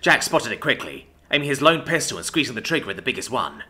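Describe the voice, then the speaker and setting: A man narrates a science fiction story in a bright, forceful voice. His pitch moves in a lively, animated way, and he reads in an expressive, scripted manner. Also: fast talker.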